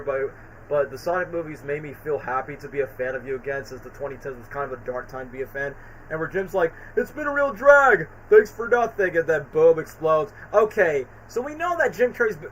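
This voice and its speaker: A man chatting casually on a live stream, talking in an excited, rambling way with lots of fillers. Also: high-pitched, a little hiss or hum, low-quality recording. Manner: excited, rambling fan talk with many fillers.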